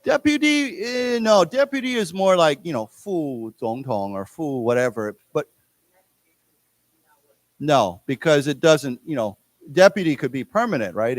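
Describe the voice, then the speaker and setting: A man with an American accent teaching English to a class of Chinese speakers, explaining words slowly and having everyone repeat them. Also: mid-range voice, lively intonation, no echo. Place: lecture room in a library.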